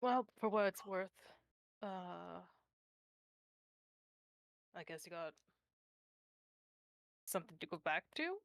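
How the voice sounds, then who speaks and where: A woman's voice: lowish voice, slow pace, gravelly, pauses often, no echo. A woman voicing a blunt, world-weary female ex-mercenary who swears offhandedly. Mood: dry.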